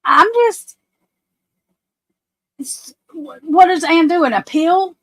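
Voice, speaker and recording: A woman's voice: extremely high pitch, slow pace, dry recording, poor audio. A woman hosting a casual livestream, anxious and flustered, often breaking off and restarting her sentences. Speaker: livestream host.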